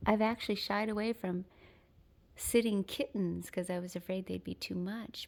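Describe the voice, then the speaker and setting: A woman filming a casual vlog while cat sitting, talking to a kitten in sweet, high baby talk, recorded indoors at home. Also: moderate pace, vocal fry, darkish tone.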